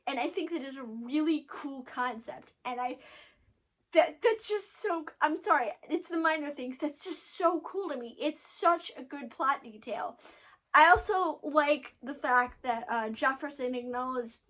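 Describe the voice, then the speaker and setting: Chatty high-voiced young woman. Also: measured pace. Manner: chatty, animated, frequent fillers and restarts. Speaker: host reviewing an animated episode. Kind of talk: casual recap chat.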